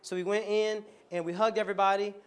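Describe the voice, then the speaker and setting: A man preaching a storytelling sermon to his congregation, animated and joking and laughing often as he talks. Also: high-pitched, quick pace, smooth. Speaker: pastor. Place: church before a congregation.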